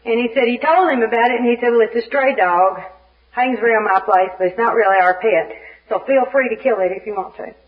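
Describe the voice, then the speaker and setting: A woman from Little Rock, Arkansas, spins a funny personal story for a recovery meeting. She acts out each scene with lively, comic timing. The sound is a dull, muffled archive tape. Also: a little high, a little fast. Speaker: speaker at a recovery fellowship meeting. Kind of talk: humorous personal storytelling share.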